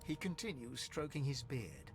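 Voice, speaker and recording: A man voicing a video game narrator, reading scripted lines in an even, storybook tone. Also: mid-range voice, moderate pace, slight background noise. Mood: calm. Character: calm adult male game narrator. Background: faint game music.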